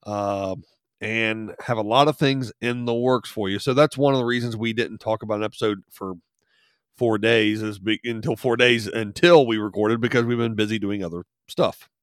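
A male podcast co-host with a head cold, sounding nasal and gravelly, chatting casually and rambling a little. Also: lowish voice, steady tone, moderate pace, dry recording, clean studio sound. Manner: rambling, restarts, self-deprecating. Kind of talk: casual chat.

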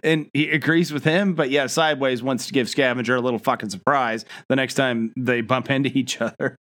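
A young adult man co-hosting a casual recap. He talks in an easygoing way, chuckles, and fills pauses with "uh." His voice is mid-pitched and ordinary. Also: fairly even intonation, fairly bright tone. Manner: easygoing, chuckling, hesitant fillers. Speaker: podcast co-host.

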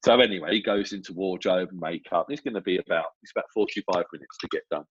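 Man telling lively anecdotes. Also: sits low, fast, slightly rough, no room sound. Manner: lively storyteller who acts out quoted voices. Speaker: film assistant director guest. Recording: dull, dry lo-fi audio.

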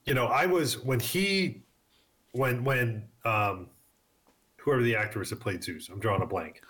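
A man's voice: medium pitch, a little slow, a bit bright. A man chatting casually on a podcast, rambling with many fillers and restarts. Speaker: podcast co-host. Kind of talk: casual movie discussion.

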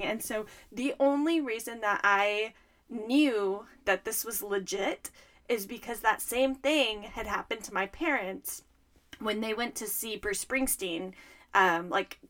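A woman's voice: mid-range voice, unhurried, a bit bright. A young adult woman co-hosting a podcast in casual chat, rambling and correcting herself as she goes. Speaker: podcast co-host.

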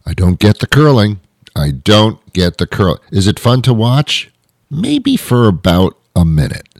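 A man's voice: lowish voice, huge pitch swings, unhurried, creaky, a little mellow, dry recording, clean studio sound. A man hosting a comedy show, delivering a rambling comic monologue with frequent restarts and mock outrage.

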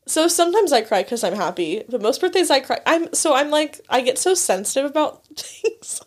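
Giggly young woman, high voice. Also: moderate pace. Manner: giggly, animated storytelling. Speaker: podcast co-host. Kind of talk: casual chat.

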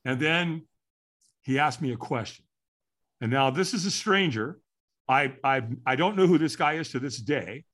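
A man in his sixties telling a personal story as a podcast guest, acting out what people said with big swings in his voice. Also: normal speed. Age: 60s. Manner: animated, acts out quotes with big pitch swings.

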